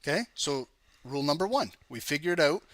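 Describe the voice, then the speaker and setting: A man talks viewers through charts in a chatty, energetic walkthrough and teases them along the way. His voice is bright and forceful, sitting a little high for a man. The sound is close and dry. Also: a little fast, dry recording. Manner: energetic, chatty, teasing the audience. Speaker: trading educator. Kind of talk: live market analysis walkthrough.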